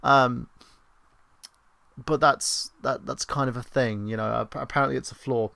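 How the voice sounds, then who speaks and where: A British man in his thirties chats on a livestream, his voice gravelly at the bottom and recorded dry and close. He rambles from topic to topic with sarcastic, self-mocking asides and casual swearing. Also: mid-range voice, steady tone, measured pace, pushed and bright, no echo. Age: 30s. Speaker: livestream host.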